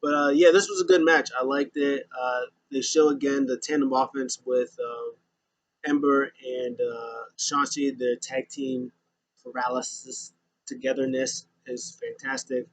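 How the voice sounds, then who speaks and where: Casual male host, mid pitch, loose and rambling, lots of ums. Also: steady tone, measured pace, poor audio. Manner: rambling, many fillers and restarts. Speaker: podcast host recapping wrestling. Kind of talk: casual recap.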